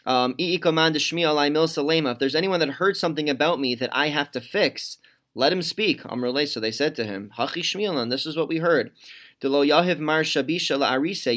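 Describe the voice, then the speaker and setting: A man's voice: medium pitch, fairly bright tone. A man teaching a Talmud class, reading Aramaic lines aloud and then explaining them in plain, conversational English. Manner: conversational with fillers and restarts.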